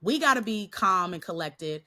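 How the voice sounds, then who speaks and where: Bright-voiced woman telling a story. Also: mid-range voice, normal speed. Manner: animated, laughing often, acts out quotes. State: slightly nasal from a cold. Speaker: podcast guest, Christian coach. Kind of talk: casual storytelling interview.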